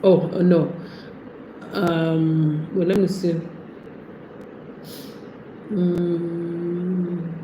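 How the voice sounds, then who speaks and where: A woman's voice: fairly low pitch, little pitch movement, extremely slow, long pauses, highs cut off. A woman giving casual relationship advice, chatty and laughing often as she acts out what a partner might say. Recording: echoey room with faint background noise.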